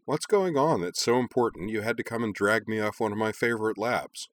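A man's voice: on the low side, fairly quick, no echo, close to an everyday voice. A man voicing a flippant, teasing small winged male creature in a storybook reading. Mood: wry.

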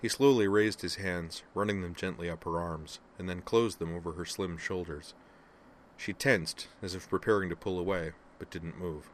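A man narrating fiction aloud in a steady, even storytelling manner. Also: deep voice, moderate pace, slight background noise. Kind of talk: audiobook fiction reading.

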